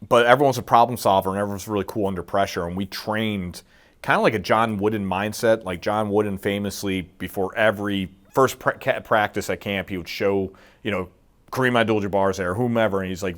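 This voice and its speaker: Middle-aged guy with a lowish voice telling a war story, acts out quotes, swears a lot. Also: fairly even intonation, brisk, fairly bright tone. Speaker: guest, military veteran. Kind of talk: casual storytelling interview.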